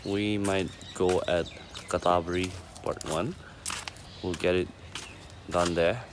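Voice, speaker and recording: Slow, deep-voiced young man vlogging outdoors. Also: steady tone, background noise. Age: young adult. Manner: slow, halting, earnest, with short phrases. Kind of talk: casual vlog chat. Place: outdoors on an open campus ground. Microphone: handheld camera while walking. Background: outdoor ambience with birds.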